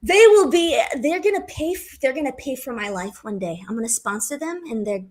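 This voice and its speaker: A woman chatting as a guest on a podcast, animated and quick to laugh, into a studio condenser mic. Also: high-pitched. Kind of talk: casual podcast chat.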